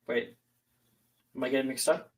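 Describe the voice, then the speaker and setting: Player teasing and prying in character, middle pitch, sounds a bit far off the mic. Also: steady tone, normal speed, crowd noise. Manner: teasing, nosy, casual. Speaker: tabletop role-play player. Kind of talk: in-character role-play.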